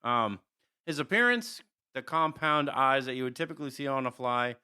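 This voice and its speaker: Man, podcast co-host, bright tone, smooth clear voice, rambling casual chat. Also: medium pitch, animated, fairly quick. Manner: rambling, chuckles often, restarts. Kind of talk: casual chat describing characters.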